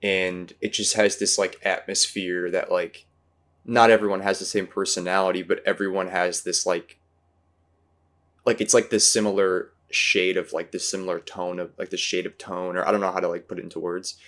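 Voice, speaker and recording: A man's voice: low-pitched, flat delivery, normal speed, a bit bright. A man in casual movie talk, rambling and searching for words with many fillers. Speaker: podcast host.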